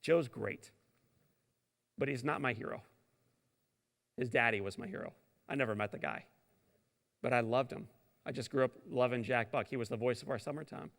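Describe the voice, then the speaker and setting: A middle-aged man from St. Louis gives a motivational keynote in a large hall, and his voice carries a gravelly edge. He tells the story dramatically, swinging from loud, booming lines down to hushed whispers, and a long reverb trails after each phrase. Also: normal speed, long pauses. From St. Louis, Missouri. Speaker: keynote speaker.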